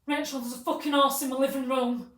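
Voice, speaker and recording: A woman's voice: high voice, very animated, normal speed, pitched above the performer's own voice. Woman playing a shrieking outraged woman. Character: furious swearing woman pranked at home. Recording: roomy, distant mic.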